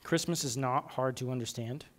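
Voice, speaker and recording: A man's voice: medium pitch, moderate pace. A man giving a children's message in church, reading a story and leading the kids in call-and-response. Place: church sanctuary.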